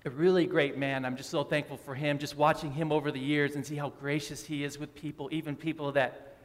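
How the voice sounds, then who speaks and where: A man's voice: a little high, flat delivery, a little fast. A man preaching a sermon in a church, friendly and joking with the congregation. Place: church sanctuary. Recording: long hall reverb.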